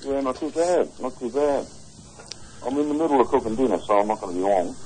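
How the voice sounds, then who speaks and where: A man's voice: medium pitch, quick pace, darkish tone, husky, low-quality recording. A man with an Australian accent calls in to a radio show and tells a rambling fishing story, full of restarts. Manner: rambling yarn-spinning with restarts. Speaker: caller. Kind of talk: phone-in storytelling.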